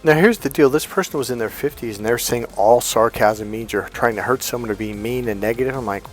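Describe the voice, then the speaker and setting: A man's voice: mid-range voice, animated, quick pace, few pauses, faint music behind. Man coaching in a chatty monologue. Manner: conversational, retells exchanges in quoted dialogue. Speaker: dating and relationship coach. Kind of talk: casual motivational talk to camera.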